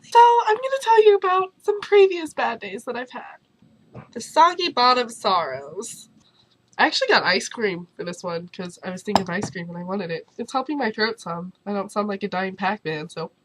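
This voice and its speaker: A young woman whose voice is going hoarse tells stories from her life in a bubbly, animated vlog. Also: mid-range voice, moderate pace, poor audio. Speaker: vlogger. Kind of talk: casual storytelling vlog.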